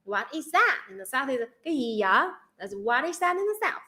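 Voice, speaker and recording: A woman from Central Vietnam with a Vietnamese accent, hosting a casual livestream chat, bubbly and quick to laugh. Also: sits high, big pitch swings, bright, forceful tone. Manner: bubbly, laughs often, reads donation questions. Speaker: livestream host.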